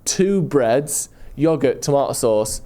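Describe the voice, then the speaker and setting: A man's voice: medium pitch, animated, slow, warm tone. A man co-hosting a comedy podcast, telling rambling, enthusiastic travel stories in casual chat. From England. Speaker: podcast co-host.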